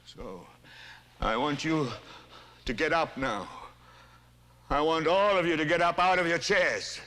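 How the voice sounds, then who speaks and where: A furious male TV anchor ranting on air, his voice sitting high and ringing bright as he climbs from a grim, weighty lecture into full shouting. It is film audio with a long reverb tail hanging behind every line. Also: unhurried. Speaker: television news anchor. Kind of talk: dramatic film monologue.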